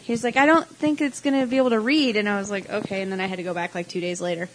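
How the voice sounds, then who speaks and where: A young adult woman co-hosting a casual podcast chat, telling animated stories and acting out the people she quotes. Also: mid-range voice, very fast, a little hiss or hum, poor audio. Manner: animated storyteller, acts out quoted voices. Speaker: podcast co-host.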